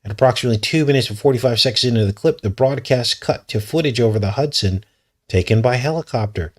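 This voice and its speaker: The male host of a news commentary vlog reads articles aloud at a quick pace in a medium-pitched voice. He keeps interrupting with suspicious, skeptical remarks in a conspiratorial tone.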